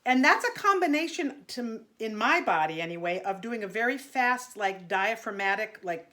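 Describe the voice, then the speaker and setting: A woman's voice: a little high, lively intonation, moderate pace, sharp tone. A middle-aged woman teaching an online singing lesson, chatty and encouraging, breaking off into sung vocal exercises.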